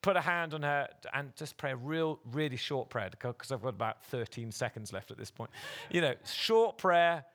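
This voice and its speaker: A man's voice: medium pitch, lively intonation, moderate pace, fairly bright tone. A man preaching a sermon as pastor at a church service, earnestly and directly urging the congregation.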